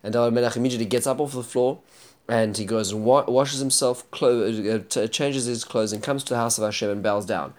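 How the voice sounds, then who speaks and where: A man's voice: medium pitch, fairly even intonation, brisk. A man teaching a Bible chapter, retelling the story earnestly and explaining it.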